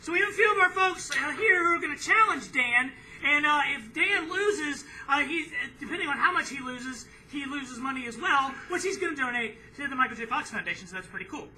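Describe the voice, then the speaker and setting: A man with a very high, bright voice emcees from a comedy club stage. He explains the rules loosely and cheerfully, wandering a little as he goes. The recording is distant and roomy, with faint noise in the background. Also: expressive, fairly quick, few pauses. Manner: loose, upbeat, rambling explanations. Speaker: emcee running the contest. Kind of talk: live comedy show emcee.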